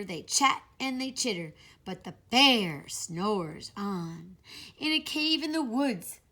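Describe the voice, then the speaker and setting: A kindergarten teacher reads a rhyming picture book aloud, taking it very slowly and drawing out the words. She speaks in a fairly high voice and pauses to ask the children questions. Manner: expressive, asks the children questions.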